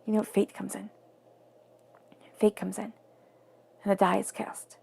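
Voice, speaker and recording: A woman reads tarot cards in an earnest, emphatic way, circling back to the same phrases and sometimes sinking into a whisper. Her voice is husky and gravelly, with a mellow, dark tone. Her pitch stays flat and even. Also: a little slow. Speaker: tarot reader. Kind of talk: spoken tarot reading.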